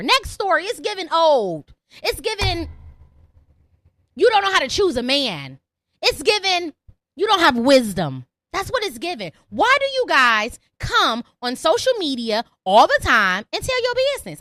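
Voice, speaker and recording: A woman's voice: high voice, big pitch swings, normal speed, bright, forceful tone, no room sound, studio quality. A young woman hosting a call-in podcast, ranting brashly and profanely at her listeners. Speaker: podcast host.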